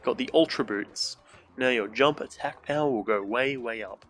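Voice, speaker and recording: A man's voice: mid-range voice, normal speed, fairly bright tone, soft background music. A young man streaming a video game from a room at home, casual let's-play commentary, joking, swearing and making silly sound effects.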